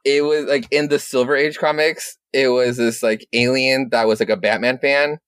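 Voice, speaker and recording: A man co-hosting a podcast, excitedly recapping a comic in a rambling, casual way with lots of swearing. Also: mid-range voice, normal speed, clean tone, dry recording. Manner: excited, rambling, swears a lot, many restarts. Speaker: podcast co-host.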